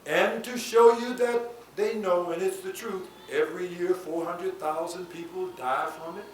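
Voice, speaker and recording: A man giving a preaching lecture to an audience, building to shouted emphasis and asking rhetorical questions. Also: high voice, fairly even intonation, unhurried. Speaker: spiritual leader giving a lecture. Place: lecture hall before an audience. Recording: echoey hall, voice from far off, faint hiss.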